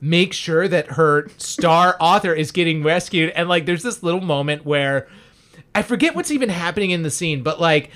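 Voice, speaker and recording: A man's voice: fairly high pitch, moderate pace, a bit bright. A man co-hosting a podcast, retelling movie scenes in casual chat, often saying "like". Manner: chatty, laughs along, says "like" often. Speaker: podcast co-host.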